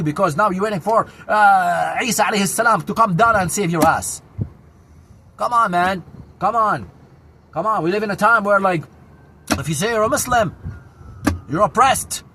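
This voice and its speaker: Outdoors amid traffic noise, a Syrian vlogger in his forties, speaking with a Syrian Arabic accent, angrily rants to camera in a high, brisk voice. He is loud, projecting, and indignant, going over the same points again and again.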